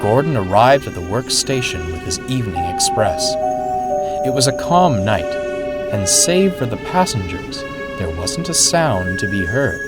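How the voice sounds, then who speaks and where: A man narrating a scripted spooky story in a slow, suspenseful storytelling manner. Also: lowish voice, sing-song. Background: music.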